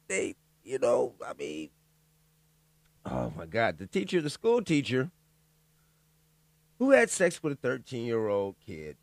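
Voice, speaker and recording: A man delivers a profane, joking solo commentary, his pitch leaping high and dropping low as he riffs. He stops now and then to read a news item aloud in halting bits. The sound is dry and close, with no room echo. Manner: loud, profane, animated riffing with laughs and asides; reads news out loud haltingly. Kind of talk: casual profane commentary monologue.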